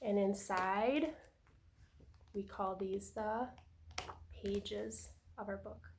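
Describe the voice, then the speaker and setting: A woman who is a preschool teacher, reading a picture book aloud to young children in a slow, sing-song storytelling voice. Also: medium pitch, fairly even intonation, gravelly, slight background noise.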